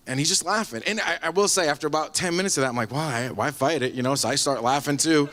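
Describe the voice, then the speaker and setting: A man giving a rambling, animated spoken testimony at a church service, telling his story with laughs along the way. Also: on the high side, fast talker, few pauses. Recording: live church hall with long reverb.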